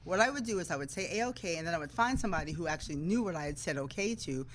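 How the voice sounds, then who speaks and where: Brief: woman, TV anchor guest, lowish pitch, animated anecdotes, acts out quoted lines. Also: very fast, noisy background. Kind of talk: casual interview storytelling.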